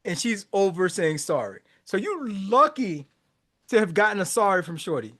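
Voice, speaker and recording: A man's voice: high-pitched, sing-song, moderate pace, a bit bright. A man hosting a podcast, talking loosely about a song's lyrics, with slang, repeats and frequent laughs. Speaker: podcast host. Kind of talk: casual commentary on song lyrics.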